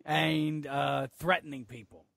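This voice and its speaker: A man from Georgia in the US joining an improvised comedy chat, telling stories in an excitable, giggly way with sudden squeals. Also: fairly high pitch, a little slow, vocal fry.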